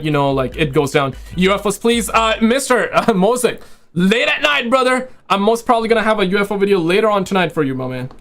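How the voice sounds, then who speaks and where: A man hosting a casual live stream, rambling excitedly and chatting with viewers while saying he is losing his voice. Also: on the high side. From Quebec, Canada. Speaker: livestream host.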